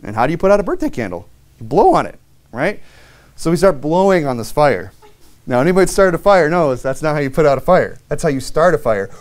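A man's voice: fairly high pitch, very animated, fast. Man preaching in a chatty storytelling way. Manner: loose, conversational, with many fillers and restarts; wry, self-mocking humor. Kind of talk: storytelling sermon.

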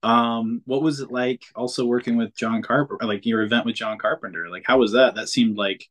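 A man's voice: mid-range voice, fairly even intonation, brisk, a bit bright. A man hosting a casual podcast interview, asking rambling questions full of fillers. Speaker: podcast host.

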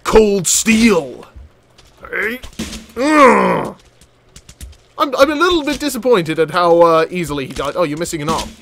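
A young man giving excitable, jokey commentary over a game, swearing and laughing as he plays. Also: high voice, fast, a little hiss or hum. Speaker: gameplay commentator. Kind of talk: excited let's-play commentary.

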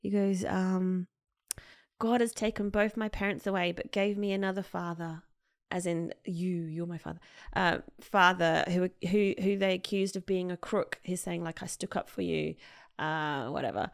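A woman's voice: lowish voice, fairly even intonation, normal speed, creaky. A woman co-hosting a podcast, retelling a story in casual chat with lots of fillers and acted-out quotes. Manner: chatty, many fillers, acts out quoted people. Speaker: podcast co-host.

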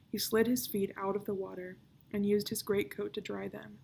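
Woman librarian, story reading, calm, even, gravelly, steady pitch. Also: normal speed, a little hiss or hum. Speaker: children's librarian. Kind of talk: reading a children's novel aloud.

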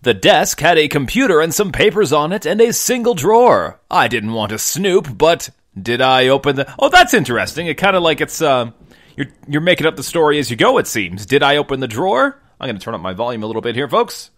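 A man's voice: on the high side, very animated, fairly quick, fairly bright tone, no echo, studio quality. A young man hosting a game video, chatting and joking to viewers while he plays on a desk mic. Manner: chatty, jokey, addresses viewers as folks. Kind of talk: casual gameplay commentary.

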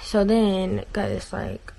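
This teenage girl's vlog is a rambling, filler-heavy chat recorded at home in her bedroom and bathroom, with bouts of frustrated venting. She speaks very slowly at a medium pitch, steady and mellow with vocal fry. The camera mic gives a low-quality recording.

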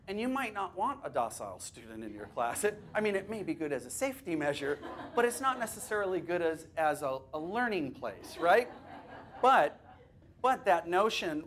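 A man with a fairly high voice presents a teacher training workshop to a live audience in a classroom or workshop room. He's lively and conversational, joking and asking the audience questions, with a little hiss or hum on the recording.

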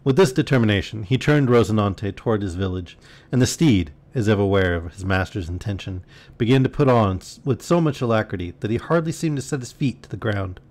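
Calm low-voiced man reading a bedtime story. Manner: calm, measured reading with brief asides to chat. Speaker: streamer reading aloud.

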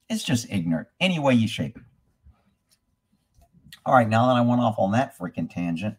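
With a low, darkish, somewhat breathy voice, a livestream host takes horse questions at normal speed, his pitch swinging widely and his speech broken by long pauses. He rants bluntly, curses freely, and reads out viewer comments between tirades.

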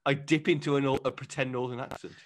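A man's voice: medium pitch, fairly even intonation, fast talker. A man co-hosting a comedy podcast in an easy, casual chat. His voice sits in the middle of the range for a man. He jokes freely and keeps the talk moving. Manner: jokey, drifts into silly voices and impressions. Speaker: podcast co-host.

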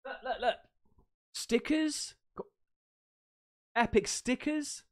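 A man hosting a casual livestream, excitable and slangy, reading out chat and donations. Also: very high voice, takes it slowly. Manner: excitable, slangy, swearing, laughs a lot. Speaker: livestream host. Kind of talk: casual live-stream chat.

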